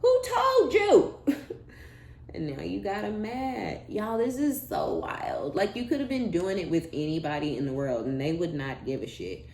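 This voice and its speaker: Low-voiced blunt woman reading tarot. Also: animated, normal speed, gravelly, few pauses, dark tone. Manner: blunt, profane, laughing asides, slangy. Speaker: tarot reader. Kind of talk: casual tarot reading monologue. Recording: echoey room with faint background hum.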